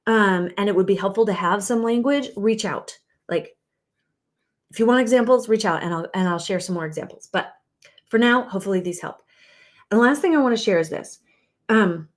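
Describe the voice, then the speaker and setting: A woman's voice: medium pitch, a little mellow. A woman relationship coach teaching in an earnest, loose way, with many fillers and restarts. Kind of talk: casual teaching talk.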